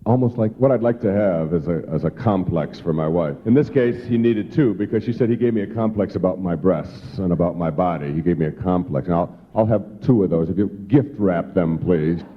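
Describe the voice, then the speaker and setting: A man, a therapist and motivational speaker, giving a humorous lecture to a live audience with animated, joking storytelling. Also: low-pitched, fairly quick, hardly any pauses. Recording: dull lo-fi recording in a reverberant hall.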